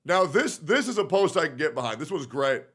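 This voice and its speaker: A man's voice: a little high, big pitch swings, brisk, fairly bright tone, slightly rough. Profane young man muttering stream reactions. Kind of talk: casual stream commentary.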